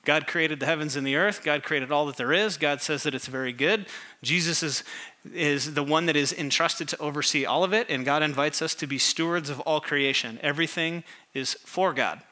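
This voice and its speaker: A man preaching a sermon as pastor, asking the congregation questions and reading scripture slowly with emphasis. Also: a little high, pushed and bright. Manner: call-and-response questions to congregation.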